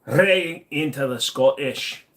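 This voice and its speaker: A man's voice: a little high, takes it slowly, a bit bright. A man hosting a casual livestream, reading chat aloud and answering in a blunt, profane, ranting way.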